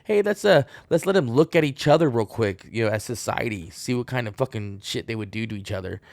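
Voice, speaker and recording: A man's voice: medium pitch, animated, brisk, a little mellow, no echo, natural voice. A man voicing alien onlookers who test humans, in an offhand, sneering way. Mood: scheming.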